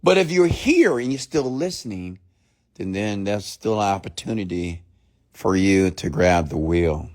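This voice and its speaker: A man's voice: deep voice, animated, measured pace, darkish tone. A young man hosting a motivational podcast, speaking in an emphatic, preachy way and repeating his key points for effect. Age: young adult. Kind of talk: motivational monologue.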